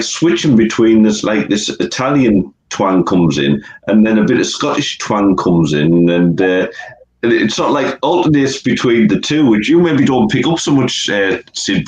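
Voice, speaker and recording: A man's voice: medium pitch, moderate pace. An older man co-hosting a casual interview, joking and rambling with lots of restarts. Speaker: podcast co-host. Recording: roomy echo.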